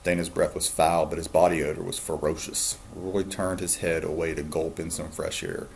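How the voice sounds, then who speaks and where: A man, a teacher, calmly reading a novel aloud to his students. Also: sits low, normal speed, creaky, slight background noise. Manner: calm, steady storytelling.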